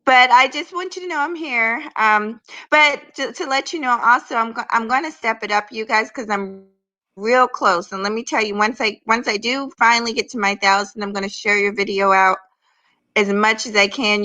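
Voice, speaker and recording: A woman's voice: a little high, steady tone, normal speed, pushed and bright, poor audio. A woman chatting casually as a guest from her bed, drowsy from medication and hesitant, stammering as she talks. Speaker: guest on a live stream. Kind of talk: casual chat. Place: in bed at home.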